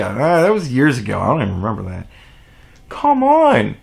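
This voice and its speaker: A man's voice: medium pitch, wildly swooping pitch, moderate pace, gravelly. A man delivering an exasperated, profane opinion rant on his vlog, with sarcastic asides. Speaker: vlogger.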